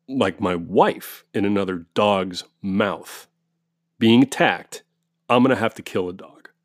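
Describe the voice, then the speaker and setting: A man's voice: fairly low pitch, no room sound, studio quality. A man telling his viewers a story as a heated, profane rant, often restarting his sentences. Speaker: vlogger.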